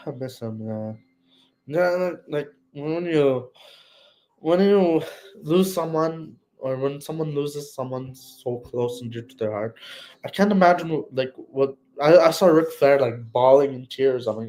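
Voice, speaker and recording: A man's voice: a little high, unhurried, a little mellow, low-quality recording. Hesitant man rambling on a livestream. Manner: hesitant and rambling, searching for words. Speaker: livestream host. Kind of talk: casual solo livestream tribute.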